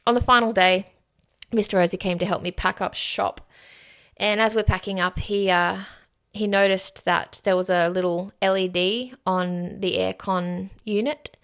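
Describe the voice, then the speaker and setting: A woman's voice: mid-range voice, steady tone, unhurried, fairly bright tone, clear, resonant tone. Frank, sweary woman podcaster. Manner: frank and emphatic, swears freely. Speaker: podcast host. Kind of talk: candid solo podcast monologue.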